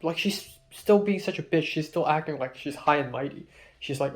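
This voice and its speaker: A man's voice: on the high side, fairly quick, a little mellow. A young man recording a diary-style vlog, rambling and frustrated, swearing often as he retells an argument. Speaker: vlogger.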